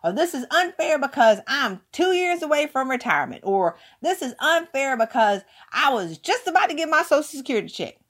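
A woman's voice: sits high, sing-song, a little fast, hardly any pauses, a bit bright. A woman giving an emphatic motivational talk, hammering points home with repeated words. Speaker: motivational speaker.

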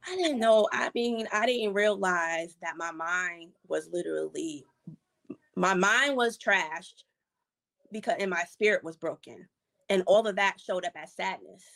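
A woman guest telling a personal story in a conversational interview, acting out what others said in lively casual speech. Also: on the low side, measured pace, gravelly. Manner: animated storyteller, acts out quotes in casual slang. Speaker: program participant, guest.

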